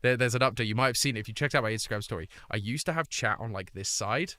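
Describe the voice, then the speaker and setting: Upbeat British male streamer, mid-pitched, chatty with viewers, dry close sound. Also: fast talker, bright, forceful tone, dry recording. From Britain. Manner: upbeat, reads chat aloud and greets viewers. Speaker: charity livestream host. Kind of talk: casual live-stream chat. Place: home streaming room.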